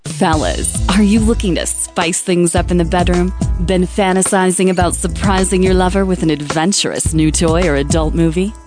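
A woman's voice: normal speed, few pauses. Woman reading a radio ad over music. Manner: upbeat sales pitch. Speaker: radio ad announcer. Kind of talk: scripted ad read. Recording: music bed behind voice.

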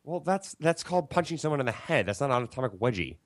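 A man talks fast in casual podcast banter. He cuts in with quick, teasing remarks at a mid pitch. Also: big pitch swings, no echo, studio quality.

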